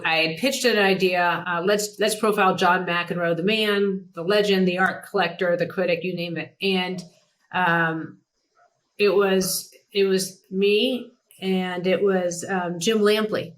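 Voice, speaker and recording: A middle-aged woman hosting a podcast and telling career stories in a relaxed, animated way. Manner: animated, mimics others in a higher pitch. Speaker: podcast host. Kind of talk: casual storytelling chat.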